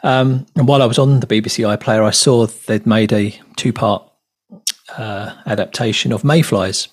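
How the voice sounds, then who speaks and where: A man's voice: fairly low pitch, normal speed, breathy edge. A man co-hosting a casual chat, chatty and full of questions. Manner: chatty, asks questions, many fillers. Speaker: podcast co-host.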